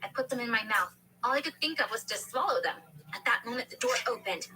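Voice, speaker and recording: A woman's voice: fairly high pitch, expressive, fast talker, bright, forceful tone. A woman narrating a first-person dramatic story in an earnest manner. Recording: noisy background hiss.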